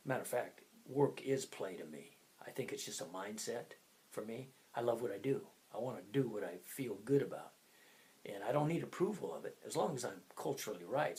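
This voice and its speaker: An older man in his sixties coaching and motivating in a loose, chatty way. His pitch leaps up and drops all over, and he wanders off on tangents, flipping from sudden loud bursts to near-whispered asides. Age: 60s. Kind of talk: casual motivational talk.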